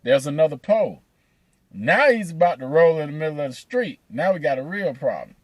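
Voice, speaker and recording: A man telling a profane, animated story, laughing between lines. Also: a little high, brisk, no echo. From Atlanta, USA. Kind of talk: casual storytelling.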